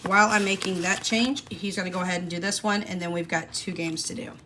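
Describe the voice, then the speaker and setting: A woman's voice: lowish voice, steady tone, fast talker, background noise. A woman, chatting casually and folksily to her viewers while stuffing cash envelopes. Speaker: budgeting vlogger. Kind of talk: casual chat to camera.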